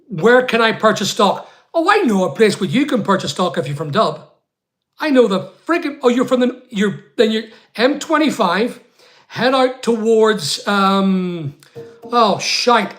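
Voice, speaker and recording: A Northern Irish man with a fairly high voice, hosting a casual livestream. He chats loosely and rambles, calling out viewers by name as he answers them. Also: fairly bright tone. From Northern Ireland. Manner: chatty and rambling, talks straight to viewers by name. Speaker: online seller hosting a live chat.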